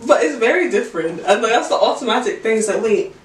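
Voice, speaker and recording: A woman's voice: fairly high pitch, fast talker, recorded from a distance, a little hiss or hum. A young Scottish woman recounts anecdotes casually, acting out what others said. The recording is roomy and off-mic, with faint clicks behind her. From Scotland. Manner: expressive anecdotes with quoted voices. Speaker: podcast co-host. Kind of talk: casual chat.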